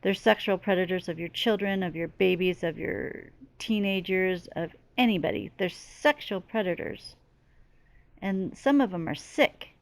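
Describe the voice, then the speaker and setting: Somewhat slow and creaky, the lowish voice belongs to a middle-aged woman acting as a medium. Her channeling monologue is emphatic and sincere, heavy with repetition.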